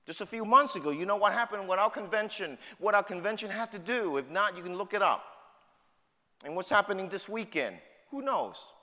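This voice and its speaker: A man's voice: sits high, animated, fairly quick, bright, forceful tone. A middle-aged man with a New York City accent preaching a sermon, emphatic and full of rhetorical questions. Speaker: pastor. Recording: long hall reverb.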